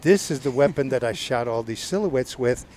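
A man's voice: mid-range voice, expressive, normal speed, darkish tone, a little hiss or hum. Older Southern US man telling stories. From Georgia, US. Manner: rambling, stammering restarts, sound effects. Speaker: podcast guest. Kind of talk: casual storytelling.

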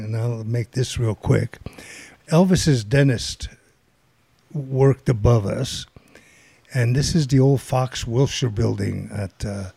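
Gravelly older man telling a story. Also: mid-range voice, dry recording. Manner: rambling, animated storytelling with quoted voices. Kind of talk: casual anecdote telling.

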